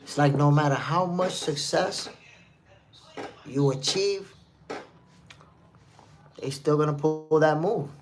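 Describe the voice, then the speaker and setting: A man's voice: fairly high pitch, slow pace, pauses often, music in the background. A man from New City, hosting a live stream and giving casual commentary while reading the chat, emphatic and repetitive. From New York City. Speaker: livestream host.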